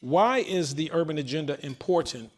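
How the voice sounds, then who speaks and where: Energetic man addressing a hall. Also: a little high, moderate pace. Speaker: moderator and organization leader. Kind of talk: public forum speech. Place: large event hall. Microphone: handheld mic.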